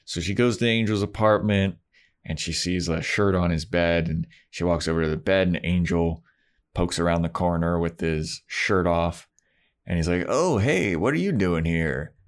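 Low-voiced man casually retelling. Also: moderate pace, clean tone. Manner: animated retelling, acts out quotes. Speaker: podcast co-host. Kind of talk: casual chat.

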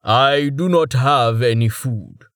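A man voicing a tired, terse, rumbling male warrior in an audiobook. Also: slow pace, a bit bright, no room sound, studio quality. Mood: weary.

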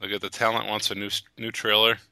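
A man co-hosting a podcast in casual chat, quick and wry, moving the segments along. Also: on the low side, level tone, bright, forceful tone, no echo. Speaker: podcast co-host.

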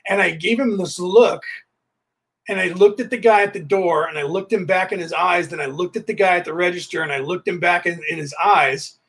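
A man's voice: high voice, fairly quick, slightly rough. A man hosting a podcast, telling casual anecdotes and re-enacting the dialogue as he goes. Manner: animated, re-enacts dialogue while telling stories. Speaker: podcast host.

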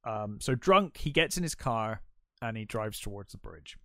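A man's voice: lowish voice, expressive, bright, forceful tone, dry recording, clean studio sound. A man co-hosting a podcast, retelling film scenes in casual chat with lots of fillers. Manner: retells scenes with quick put-on voices, many fillers. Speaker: podcast co-host.

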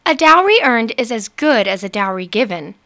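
A woman's voice: a little high, very animated, a little slow, pushed and bright, exaggerated voice. A woman voicing a bold, sly young female troll who chants her lines in a sing-song way. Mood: scheming.

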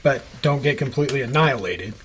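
A man's voice: mid-range voice, lively intonation, quick pace, a little hiss or hum. A man playing a tabletop game who asks careful rules questions. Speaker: player.

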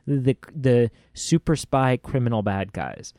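A man's voice: mid-range voice, slow, mellow, clear, resonant tone, dry recording, studio quality. A man with a Canadian accent co-hosting a casual film review podcast, rambling and joking with many fillers. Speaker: podcast co-host.

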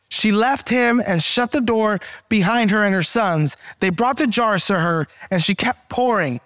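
A man's voice: high voice, measured pace, few pauses, fairly bright tone, dry recording, studio quality. A man preaching a sermon in a conversational way, acting out quoted voices as he goes. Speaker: pastor.

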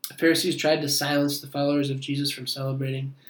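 A man's voice: medium pitch, little pitch movement, quick pace, reverberant, rough recording. A man preaching a sermon, reading scripture aloud and explaining it with earnest asides. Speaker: pastor.

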